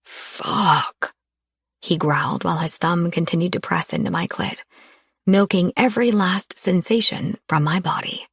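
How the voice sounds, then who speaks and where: Husky-voiced woman narrating a romance audiobook. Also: lowish voice, moderate pace, no echo, studio quality. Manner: intimate, soft storytelling.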